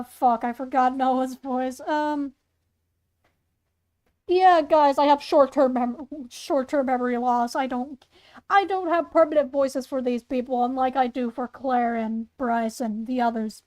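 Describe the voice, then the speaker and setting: A woman with a high, unhurried voice and a darkish tone hosts her channel, reading aloud a spooky fan story she wrote herself. She adds chatty asides and often stumbles, then corrects herself.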